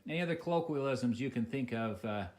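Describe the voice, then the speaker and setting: An American man interviewing a friend in a home for a casual home video, speaking haltingly with many fillers and restarts. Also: medium pitch, expressive, darkish tone. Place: living room of a home.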